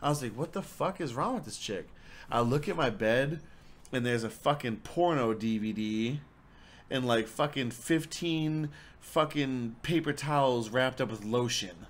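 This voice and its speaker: A young man telling a rambling, profanity-filled story in a casual, animated way. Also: medium pitch, unhurried. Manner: rambling, swears a lot, animated. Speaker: storyteller guest.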